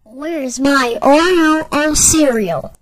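A woman voicing an outraged cartoon adult who finds her cereal stolen, muttering slowly and haltingly in an amateur animated video. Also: high voice. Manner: slow, halting, indignant muttering.

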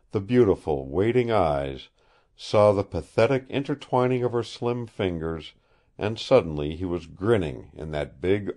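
A man narrating an audiobook chapter in a measured, expressive storytelling manner. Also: on the low side, gravelly. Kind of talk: scripted narration.

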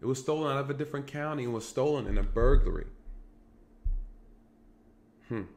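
Man, gravelly voice, mid-pitched, casual storytelling vlog, talks to viewers directly. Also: brisk, a little mellow. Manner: addresses viewers directly, repeats phrases for emphasis. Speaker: vlogger recounting police work.

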